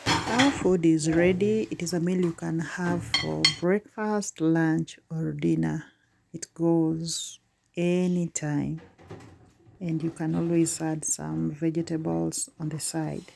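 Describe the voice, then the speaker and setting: A woman's voice: low voice, steady tone, takes it slowly, creaky, noisy background. A woman vlogging from village life, talking casually and straight to her viewers. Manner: chatty, speaks straight to viewers.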